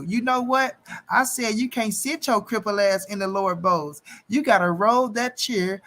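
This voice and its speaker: High-voiced man ranting and taunting. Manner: taunting, mocking, repetitive jeers; animated, shifting quickly between loud and muttered. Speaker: boxing commentary channel host. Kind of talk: casual profane rant to camera.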